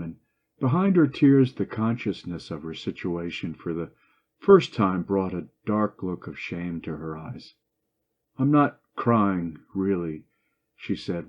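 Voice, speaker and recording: A man reads a short story aloud in a low voice, at a steady and measured pace. He slows down and softens for the quoted lines. The recording sounds dull and lo-fi. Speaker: narrator.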